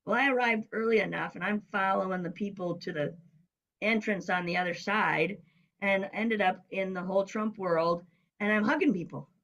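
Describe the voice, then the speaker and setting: Middle-aged woman, interview guest, animated anecdote teller, voices other people when she quotes them. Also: medium pitch, moderate pace, poor audio. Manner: lively storyteller who acts out quoted voices. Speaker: guest, business coach. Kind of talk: casual storytelling interview.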